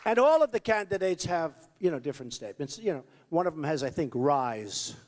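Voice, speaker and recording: A man's voice: on the high side, sing-song, brisk, a faint crowd. A man giving a rambling, boastful campaign rally speech that repeats itself, at a podium microphone in a large venue. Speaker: political candidate. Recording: long reverb of a large hall.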